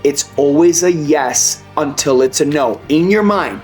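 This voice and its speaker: A man hosting a sales training, energetic and conversational, acting out sales dialogues. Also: a little high, a little slow, hardly any pauses, faint music behind. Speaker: sales coach and host.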